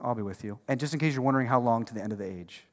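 A man preaching a sermon as pastor, conversational and emphatic, dropping from loud bursts to hushed lines. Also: mid-range voice, racing. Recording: long reverb of a large hall.

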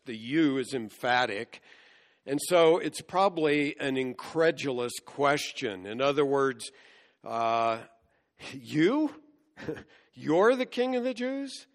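Man, pastor, measured sermon delivery, slow pace, ringing hall. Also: medium pitch. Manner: measured, explains scripture verse by verse. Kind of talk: expository sermon. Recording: long hall reverb.

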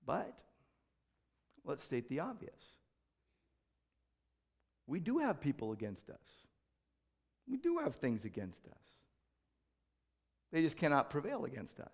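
A man preaching a sermon as pastor, repeating key phrases and asking rhetorical questions, moving between loud proclamations and quieter reflective asides. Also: on the high side, wildly swooping pitch, measured pace, creaky, long pauses.

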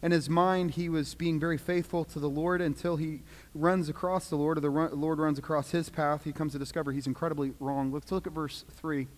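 A man preaching a sermon, dramatic, swinging from loud pleading to hushed quiet. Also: a little high, fairly even intonation, brisk, hardly any pauses. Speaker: pastor. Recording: long reverb of a large hall.

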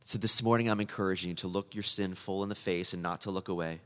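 A man's voice: low-pitched, steady tone, fast, fairly bright tone, big-room sound. A man preaching a sermon in a church, earnest and building to emphatic, repeated appeals. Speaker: pastor.

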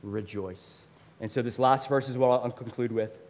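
A man in his thirties preaching a sermon as a pastor, conversational and animated, with lots of fillers. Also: medium pitch, a little fast. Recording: long hall reverb.

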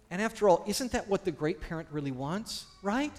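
Male pastor preaching a sermon; somewhat high voice, emphatic, swings from loud to hushed, quizzes the congregation. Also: a little slow. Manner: teaching, asks the congregation questions.

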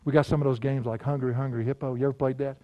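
An older man, preaching a sermon in a folksy storytelling way, laughing often and dropping to a hush. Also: mid-range voice, steady tone, racing, muffled recording, background noise. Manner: folksy storytelling, laughing, swings from loud to hushed. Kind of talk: sermon with personal stories.

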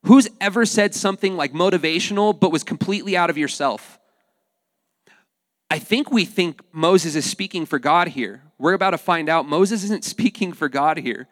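High-voiced male pastor preaching. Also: moderate pace, no room sound, studio quality, big-room sound. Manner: animated, acts out voices, addresses the congregation. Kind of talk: sermon.

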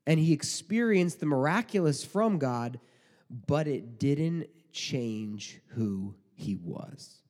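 This pastor speaks slowly in a medium-pitched, expressive, slightly mellow voice. His sermon has a conversational feel, full of rhetorical questions and mock quotes, heard through long hall reverb.

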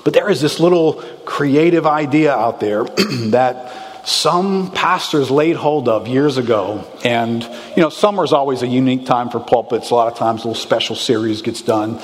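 A man's voice: mid-range voice, normal speed, in a large hall. A man preaching a sermon as a pastor, talking conversationally with the congregation, asking rhetorical questions and acting out anxious inner voices.

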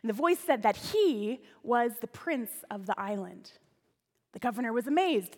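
A woman pastor telling a story in a sermon, expressive, with volume that rises and falls, recorded in a church sanctuary with long reverb. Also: on the high side, unhurried.

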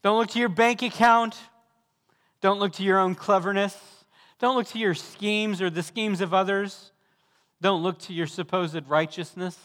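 A man's voice: high-pitched, fairly even intonation, moderate pace, a bit bright, in a large hall. A man preaching a sermon as pastor, building fervently to emphatic repeated calls.

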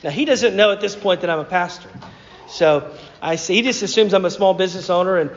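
A man's voice: high-pitched, a little fast. A man with a Southern accent, preaching a sermon as a pastor, talking in a conversational, hesitant storytelling way with many fillers and restarts. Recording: dull sound with long hall reverb.

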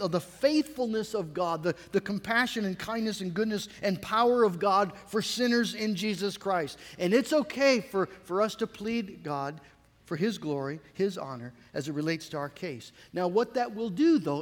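A man preaching a sermon in an earnest, measured way, reading scripture aloud with dramatic weight. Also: high voice, in a large hall. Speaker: pastor.

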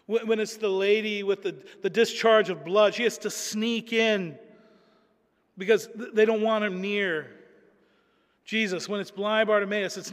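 A man's voice: sits high, fairly even intonation, normal speed, big-room sound. A man preaching a sermon in an earnest, emphatic way, often repeating words as he builds a point.

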